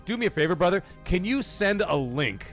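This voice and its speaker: A man hosting a gaming livestream, loud and excitable, cursing and reading super chats to his viewers. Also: sits high, a little fast. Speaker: livestream host. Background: soundboard music and crowd cheers.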